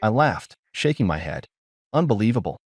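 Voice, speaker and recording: Husky male story narrator. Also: lowish voice, very animated, no room sound, clean studio sound. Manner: cool, measured, dryly triumphant. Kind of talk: first-person dramatic story narration.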